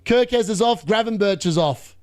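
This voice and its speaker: A young man hosting a live fantasy football watchalong, chatty and excitable as he reacts to scores. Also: high voice, normal speed, dry recording, studio quality. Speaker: fantasy football livestream host.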